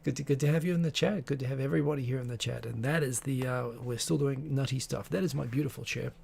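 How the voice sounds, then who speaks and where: A man's voice: medium pitch, fast, gravelly, darkish tone, a little hiss or hum. A man hosting a live stream, chatting casually in a rambling, digressive way with many restarts. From Tokyo-based.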